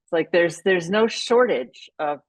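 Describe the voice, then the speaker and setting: Low-voiced woman explaining thoughtfully. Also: animated, unhurried, dry recording, rough recording. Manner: thoughtful, explanatory, with frequent restarts. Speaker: podcast guest, leadership consultant. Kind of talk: conversational interview.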